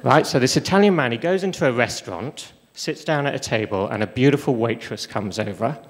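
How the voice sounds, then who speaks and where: Man, middle-aged, self-deprecating storyteller, very lively intonation, long hall echo. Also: medium pitch, fairly quick. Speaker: speaker. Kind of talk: storytelling talk on stage. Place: large lecture hall stage. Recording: reverberant lecture hall.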